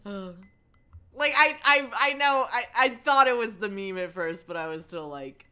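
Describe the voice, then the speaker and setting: A woman's voice: fairly high pitch, moderate pace, bright, forceful tone, clean tone. A woman streaming a live book reading, with sarcastic joking commentary and frequent laughs. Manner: sarcastic, laughs often, interrupts herself.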